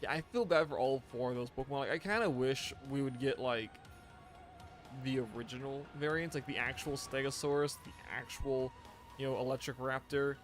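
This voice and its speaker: A man's voice: medium pitch, normal speed, faint music behind. Tired, rambling male game streamer. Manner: rambling, many restarts, chatting with viewers. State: tired, yawning. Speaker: gaming streamer. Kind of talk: casual live-stream chat.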